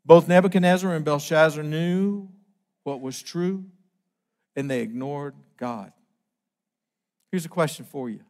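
A middle-aged man preaching a sermon, emphatic and slowing down on key phrases. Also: on the high side, a little mellow.

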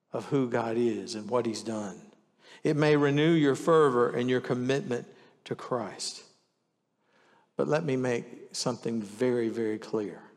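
Reading scripture aloud with earnest emphasis, a male pastor preaches in a voice of ordinary middle pitch. His words ring through the long reverb of a large church hall.

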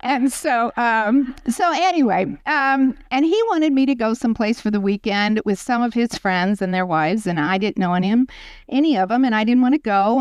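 Older woman, Bible study teacher, earnest storytelling, smooth voice, dry sound. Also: on the high side, no echo, dull audio. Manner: earnest, personal storytelling with soft chuckles.

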